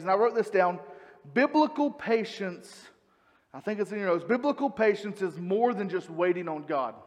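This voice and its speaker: A man with a high voice delivers a sermon with earnest, conversational warmth. He turns to the congregation with questions. His voice rings through a hall with a long reverb tail. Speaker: preacher.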